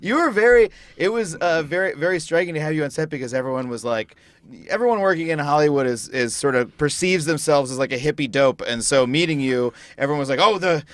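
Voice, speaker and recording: Energetic podcast host, higher voice. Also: male voice, fast talker, no room sound. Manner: energetic, playful, rambling. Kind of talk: podcast interview. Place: studio.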